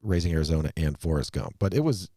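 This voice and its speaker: A very deep-voiced man co-hosts a casual movie-review chat, his tone dark and mellow. He rambles through long, animated takes, restarting sentences as he goes, in a dry, close sound. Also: fast talker, no room sound. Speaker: podcast co-host.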